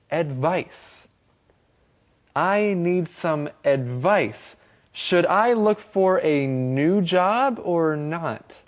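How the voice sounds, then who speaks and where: Male co-host for a kids' English show, lively and deliberate. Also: on the high side. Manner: clear, upbeat, carefully spoken. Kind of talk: children's TV English lesson.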